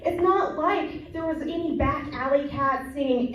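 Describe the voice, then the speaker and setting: A woman's voice: high-pitched, measured pace, fairly bright tone. A young woman doing a brash, crude stand-up comedy set, chatting with the crowd and mocking herself. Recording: distant mic in a very echoey room.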